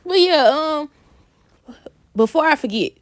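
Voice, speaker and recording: A woman recapping a soap opera episode in a casual vlog, animated and laughing often. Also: high voice, takes it slowly, dry recording, studio quality. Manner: animated, laughs often, addresses viewers as y'all.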